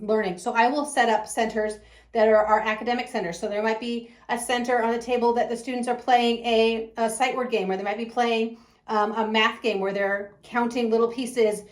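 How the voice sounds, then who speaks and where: A woman with a fairly high-pitched voice promotes the preschool she owns and teaches at, gushing with enthusiasm and laughing often. The sound is reverberant.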